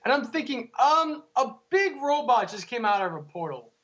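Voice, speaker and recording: A man with a notably high voice talks casually on a podcast, animated and quick to argue a point. The sound is slightly dull and lo-fi. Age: adult. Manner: animated, argumentative, laughs often. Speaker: podcast co-host. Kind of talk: casual chat.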